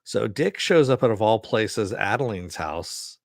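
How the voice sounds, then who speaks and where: A man's voice: fairly low pitch, expressive, measured pace, vocal fry, no echo, clean studio sound. A man casually retelling a TV episode in a rambling way, full of fillers. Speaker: TV show reviewer.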